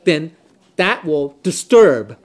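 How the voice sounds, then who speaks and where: Male scripture teacher, slightly high voice, loose and repetitive, tags every point with "okay?". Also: very animated, slow. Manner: repeats himself, checks in with "okay? right?"; switches between English and Chinese readings. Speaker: Dao study teacher. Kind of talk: informal scripture lesson.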